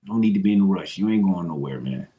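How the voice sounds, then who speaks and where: A man's voice: deep voice, expressive, fast, dull audio, slight background noise. A man from Detroit, a podcast guest, talking earnestly and repeating his phrases. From Detroit, Michigan. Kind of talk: emotional interview talk.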